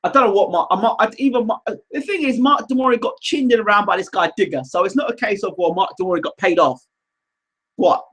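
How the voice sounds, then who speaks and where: High, bright-voiced man hosting. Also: fairly quick. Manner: animated, teasing, rambling. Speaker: live show host reading viewer comments. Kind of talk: casual livestream chat.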